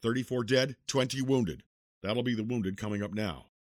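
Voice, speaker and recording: A man voicing an earnest young cavalry rider who speaks in a brisk, soldierly way. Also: mid-range voice, no room sound, studio quality, close to an everyday voice.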